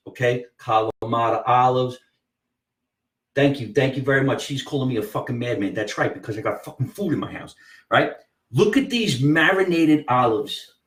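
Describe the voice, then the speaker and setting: A man's voice: medium pitch, fairly bright tone, distant mic. A brash comedian, hosting a profane live-stream chat from his home. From US East Coast. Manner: brash and profane, drawn-out emphatic words. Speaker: comedian host of a live show. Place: room at home. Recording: roomy, from off the mic.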